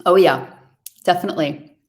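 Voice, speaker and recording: A woman's voice: on the low side, normal speed, darkish tone, slight background noise. A woman from New York hosting a virtual wine tasting over a video call, chatting casually and describing wines with enthusiasm.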